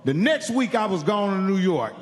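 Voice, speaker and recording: A man's voice: high voice, sing-song, moderate pace, long reverb tail. A man from Indiana doing stand-up, telling a profane story and acting out the other people in it. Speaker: stand-up comedian. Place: live comedy venue.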